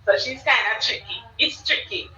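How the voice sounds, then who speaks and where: A woman's voice: on the high side, moderate pace, pushed and bright. A Jamaican woman hosting a live stream, chatting casually and repeating herself as she calls out to her viewers. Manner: repetitive, loose, chatty, calls to the chat. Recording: roomy, distant, dull-sounding mic.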